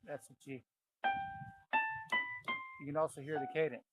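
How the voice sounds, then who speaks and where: A piano teacher with a fairly high voice gives a casual ear-training lesson, naming the notes as he plays and thinking aloud. He speaks at normal speed with little pitch movement, while loud piano playing sits behind his voice.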